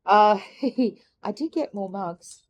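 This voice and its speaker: A middle-aged woman chatting candidly in a personal vlog, musing aloud and laughing softly between thoughts. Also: mid-range voice, expressive, slow, lo-fi sound. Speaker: carnivore diet vlogger. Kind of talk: reflective personal vlog chat.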